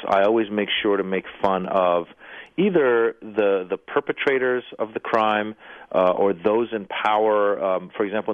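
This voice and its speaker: A man's voice: lowish voice, no echo. A man, a comedian and actor, telling stories as a guest in a radio interview and acting out the voices of people he quotes. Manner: anecdotal, acts out quoted voices. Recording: tinny phone-line sound, dry.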